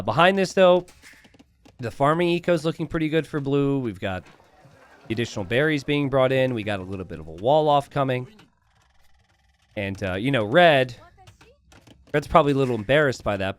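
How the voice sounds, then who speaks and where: Lively, animated male game caster. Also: on the high side. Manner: excitable, bursts into shouts and laughter at big plays; chatty, relaxed asides with fillers. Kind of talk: casual strategy game commentary.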